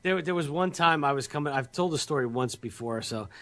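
A man's voice: on the high side, a little fast, fairly bright tone. A man in casual chat, laid-back and profane, telling a story.

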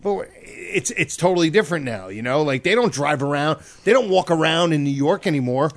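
A man's voice: fairly high pitch, lively intonation, fairly quick. A man hosting a radio show, telling stories in loose casual banter full of fillers. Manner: loose storytelling with many fillers.

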